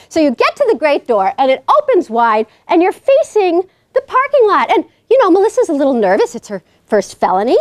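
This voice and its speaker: A woman with a New York accent gives a humorous guest lecture in a college lecture hall, an animated, joking storyteller. Her voice is extremely high, at normal speed with few pauses.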